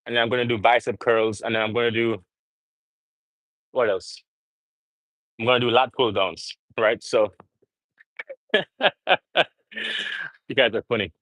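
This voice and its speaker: A man's voice: medium pitch, fairly even intonation, moderate pace, long pauses, a bit bright, no room sound, rough recording. A young man rambling earnestly to viewers as he livestreams during a gym workout. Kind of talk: casual live-stream chat.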